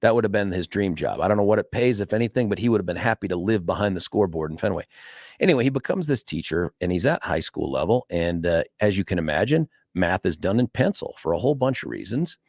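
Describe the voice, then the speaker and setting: A talk radio host speaks alone in a fairly low voice that swings widely in pitch as he tells a story and mimics the people in it. The studio sound is dry and close. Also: quick pace, no echo. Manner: animated storyteller acting out quoted voices.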